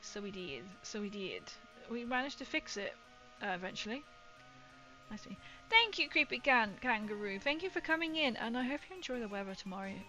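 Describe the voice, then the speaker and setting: A woman's voice: fairly high pitch, animated, brisk, bright, forceful tone, soft background music. A woman, chatting casually with viewers on her livestream, rambling and laughing often. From England. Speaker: livestream host.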